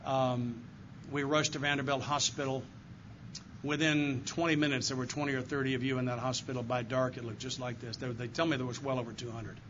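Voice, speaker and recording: The recording, dull and lo-fi, comes from a live recovery talk by an older AA circuit speaker addressing a meeting audience with earnest feeling. He speaks at medium pitch with a flat delivery and a fairly quick pace over a noisy background.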